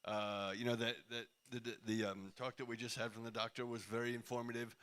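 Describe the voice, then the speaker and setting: A man's voice: medium pitch, little pitch movement, fairly quick, a bit bright. A man giving a casual, engaging talk to a crowd in a large indoor hall, asking the audience questions. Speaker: company CEO speaking at event.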